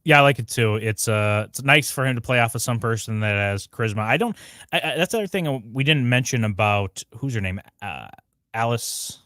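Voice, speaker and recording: A man's voice: mid-range voice, expressive, brisk, pushed and bright, dry recording, studio quality. A man co-hosting a TV review livestream, talking casually, rambling and searching for names, with frequent laughs. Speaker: podcast co-host. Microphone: home mic on a livestream.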